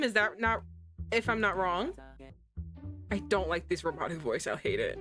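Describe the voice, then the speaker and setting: A young woman streaming a story game, reading the text aloud and reacting in an excitable, self-mocking way with frequent laughs. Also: a little high, normal speed, soft background music.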